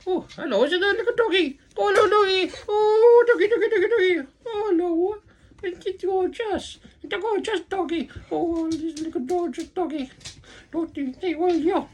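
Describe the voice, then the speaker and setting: Woman doing a squeaky excitable puppet girl. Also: normal speed. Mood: gushing. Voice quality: squeaky high voice. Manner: gushing and repetitive. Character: excitable chatty female hand puppet.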